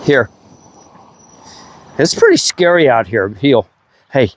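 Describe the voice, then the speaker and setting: A middle-aged man, a dog trainer, explaining his methods outdoors while working a dog, breaking into high, playful praise for the animal. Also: animated, slow, pauses often, no echo. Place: outdoors at a kennel ranch.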